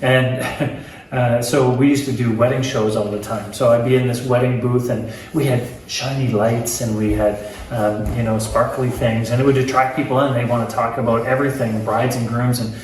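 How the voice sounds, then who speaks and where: A man's voice: medium pitch, fairly even intonation, normal speed, heavy reverb, recorded from a distance, low-quality recording. A man talking casually as an author in an interview, chatty and joking, with many fillers and restarts.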